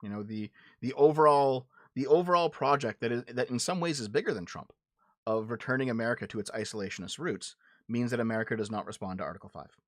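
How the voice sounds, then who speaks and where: A man's voice: medium pitch, fast talker, dry recording, studio quality. A man hosting a livestream, arguing politics with his chat in a blunt, profane way and often restarting his words. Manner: repeats and restarts words when heated. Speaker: livestream show host. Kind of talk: casual political commentary answering chat.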